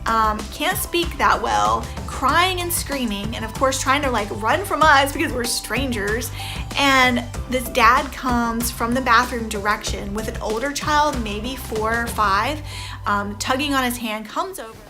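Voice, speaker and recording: Rambly woman in her 30s vlogging her reaction, kinda high voice, music going in the back. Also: measured pace. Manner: chatty and rambling, many "you know" fillers. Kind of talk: casual reaction commentary. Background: background music.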